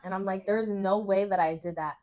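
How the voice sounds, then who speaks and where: A woman's voice: medium pitch, fairly quick. A young woman co-hosting a casual chat, dramatically retelling embarrassing stories from her school days. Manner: animated, laughing, dramatic retelling. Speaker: co-host.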